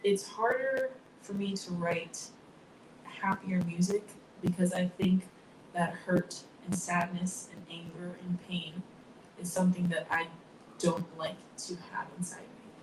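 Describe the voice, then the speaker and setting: A woman singer-songwriter as an interview guest, talking softly and thoughtfully, sometimes almost whispering. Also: on the low side, steady tone, unhurried, distant mic. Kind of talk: casual interview chat. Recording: echoey room from off-mic, noisy background.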